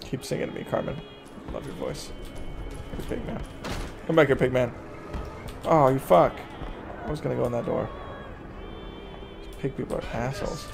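A man streaming a horror game, shouting profane jokes at the characters and reacting with loud excitement. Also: mid-range voice, moderate pace, creaky, pauses often. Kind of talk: live gameplay commentary. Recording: game music underneath. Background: horror game music and sounds.

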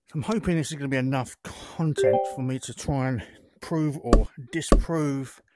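A man's voice: mid-range voice, normal speed, over loud music. A man giving casual gameplay commentary as he plays a VR game, thinking aloud while he adjusts settings, recorded on the headset's built-in mic. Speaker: VR gaming content creator. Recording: loud game crowd noise over voice. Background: loud cricket crowd and bat clicks from the game.

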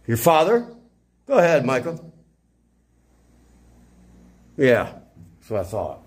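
A man's voice: mid-range voice, wildly swooping pitch, slow, pauses often. A man rambling in a casual monologue as a self-styled father of all creation, erratic and profane with sudden outbursts.

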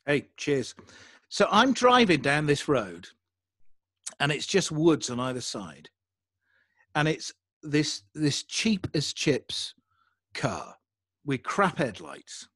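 A young adult English man telling a story in a casual interview, animated and self-deprecating. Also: a little high, slow, pauses often, no room sound, studio quality. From England. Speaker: podcaster guest.

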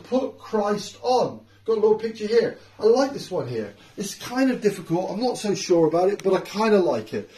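A middle-aged house church preacher gives an informal home sermon in a high-sitting, warm voice, very animated, at a moderate pace with few pauses. Earnest, he repeats key phrases for emphasis, and the distant mic gives a roomy sound.

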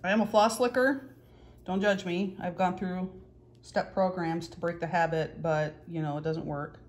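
A woman's voice: lowish voice, steady tone, moderate pace. Chatty, joking middle-aged woman. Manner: chatty, joking, self-deprecating. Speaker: cross-stitch vlogger. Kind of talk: casual tutorial chat.

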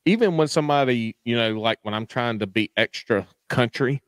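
A man's voice: medium pitch, clear, resonant tone, no echo. A man hosting a podcast, chatting casually with a guest in a rambling, joking, profane way. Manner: drawn-out stalling in its phrasing. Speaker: podcast host. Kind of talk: casual interview chat.

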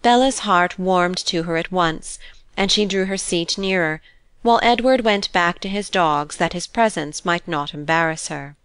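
A woman narrating a classic novel as an audiobook in a measured, expressive reading. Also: lowish voice, clear, resonant tone, no room sound. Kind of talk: scripted narration.

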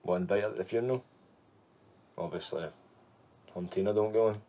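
A man's voice: fairly low pitch, fairly even intonation, moderate pace, mellow, close to an everyday voice. An actor playing a sarcastic male gangster who mocks his mates. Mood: businesslike. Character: sarcastic young male gangster, mocking sidekick.

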